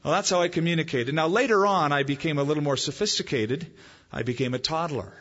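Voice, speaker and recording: Male pastor, husky, a touch high, preaching casually with punch; dull recording, long hall echo. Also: quick pace. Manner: conversational preaching, lively emphasis. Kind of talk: sermon. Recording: muffled, echoey hall.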